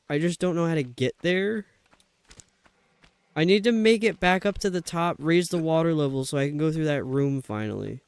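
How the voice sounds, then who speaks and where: Smooth-voiced man grumbling through live gameplay. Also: a little high, normal speed, no room sound. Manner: talks to himself, grumbling and exasperated. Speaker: streamer.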